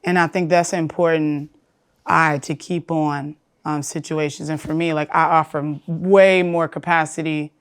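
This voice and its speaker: A woman speaking thoughtfully and in a measured way in a panel conversation. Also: sits low, steady tone, smooth.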